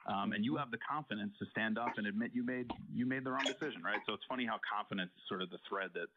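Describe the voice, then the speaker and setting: Fast-talking male podcast host. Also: on the low side, narrow, tinny audio, very noisy. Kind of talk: interview.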